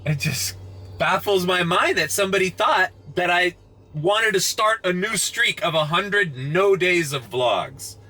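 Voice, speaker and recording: A man's voice: sits high, lively intonation, measured pace, pushed and bright. A sleep-deprived man ranting sarcastically to camera from his parked car in the early morning, swearing freely. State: short on sleep. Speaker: rideshare driver vlogger. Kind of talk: casual vlog rant to camera. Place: parked car at a charging station at night.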